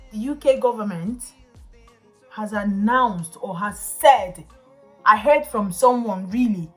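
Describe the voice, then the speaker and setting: A young woman from Nigeria with a Nigerian accent, ranting emphatically to camera in a casual vlog and slipping into Pidgin. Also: on the high side. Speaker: vlogger.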